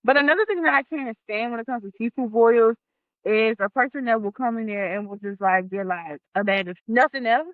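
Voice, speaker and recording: A woman's voice: fairly high pitch, brisk, dry recording, phone-quality sound. A woman co-hosting a podcast, ranting bluntly and with plenty of swearing in casual chat. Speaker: podcast co-host.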